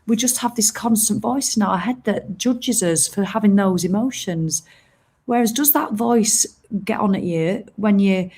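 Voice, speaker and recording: A woman's voice: medium pitch, a little slow, darkish tone, breathy edge. A middle-aged woman, chatting casually and bluntly to viewers on a live stream from outdoors. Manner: chatty, rambling, blunt and frank, with mild swearing. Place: outdoors by a seaside promenade.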